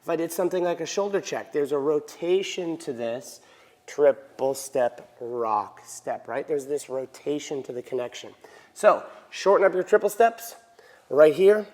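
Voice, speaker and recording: A man's voice: on the high side, lively intonation, normal speed, darkish tone. A male dance teacher giving an instructional lesson, counting beats aloud and checking in with frequent "right?". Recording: echoey hall reverb.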